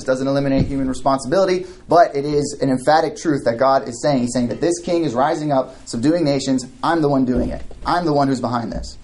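A man's voice: medium pitch, darkish tone. Conversational male preacher. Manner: conversational preaching with frequent restarts and asides; mock voices for quoted idolaters. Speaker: pastor. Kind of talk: sermon.

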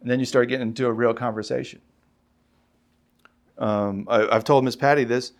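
A man preaching in a conversational, storytelling way, rising in pitch when he reads scripture. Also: fairly even intonation, moderate pace. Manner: conversational, tells stories, rises when reading scripture. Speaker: pastor. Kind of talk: sermon.

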